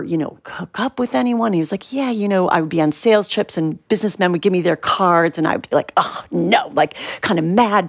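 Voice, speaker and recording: Woman, lower voice, dry close sound, animated storyteller, acts out quotes. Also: no echo. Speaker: interview guest. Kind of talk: personal storytelling in a radio interview.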